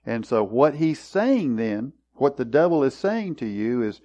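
Male Bible study teacher, slow and methodical, clears throat often, dull lo-fi recording. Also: medium pitch, big pitch swings, mellow. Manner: deliberate, explanatory, often clears his throat.

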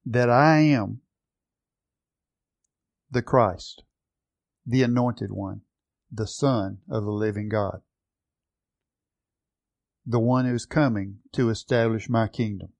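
Slow, earnest man preaching a sermon. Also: fairly low pitch, gravelly, darkish tone, no echo. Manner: earnest, emphatic Bible teaching with slow stressed phrases.

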